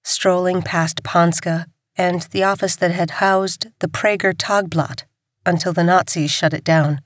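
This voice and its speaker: Brief: female audiobook narrator, lower register, dead-dry studio sound. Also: fairly even intonation, measured pace, dry recording. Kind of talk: scripted narration.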